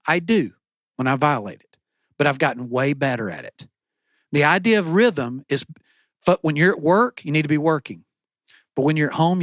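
Man, middle-aged pastor, sermon, emphatic repeated phrases, fairly high voice, dry close sound. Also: a bit bright, no room sound. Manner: emphatic, repetitive preaching cadence. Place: church stage.

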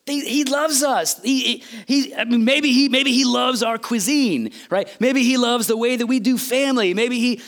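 A man preaching a sermon, telling a story with animated, changing delivery and acted-out quotes. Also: very high voice, moderate pace, hardly any pauses. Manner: animated storytelling, voices quotes, sudden loud and soft swings.

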